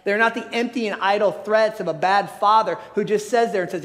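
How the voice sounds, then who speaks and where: A man's voice: high voice, fairly quick, few pauses, a bit bright. A pastor preaching a sermon, earnest and emphatic, often restarting his phrases. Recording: long hall reverb.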